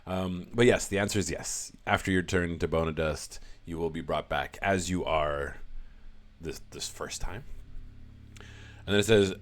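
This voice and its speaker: A man's voice: sits low, measured pace, a bit bright. A man casually talking through scripture verses, musing aloud and laughing at himself now and then. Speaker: host discussing Quran verses. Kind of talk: casual commentary.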